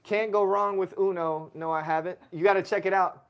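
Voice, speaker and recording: Chatty dad streaming live. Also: male voice, high voice, fairly even intonation, a little fast. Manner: chatty, reads chat aloud, gives shout-outs. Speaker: family livestream host. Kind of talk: casual livestream chat.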